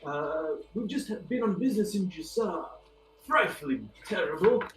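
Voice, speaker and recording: Player voicing posh courteous gent, higher pitch, distant roomy mic. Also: male voice, lively intonation, moderate pace, fairly bright tone. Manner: posh, overly polite. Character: posh male gentleman adventurer, courteous. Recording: echoey room, far from mic.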